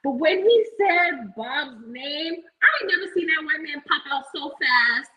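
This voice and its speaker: A woman's voice: sits high, expressive, unhurried, bright, forceful tone, rough recording. A woman co-hosting a podcast, ranting bluntly and profanely in a casual reality-TV recap chat. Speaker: podcast co-host.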